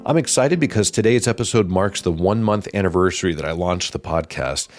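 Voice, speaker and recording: A man hosting his own podcast, talking in a calm, thoughtful, casual way with pauses. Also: deep voice, soft background music. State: slightly out of breath. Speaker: podcast host. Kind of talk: casual reflective monologue.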